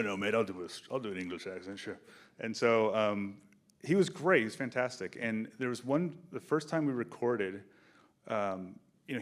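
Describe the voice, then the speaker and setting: At a film festival Q&A on a theater stage, a film director with a fairly low voice shares behind-the-scenes stories before an audience. He's relaxed and animated, slipping into quoted lines and acting out the dialogue.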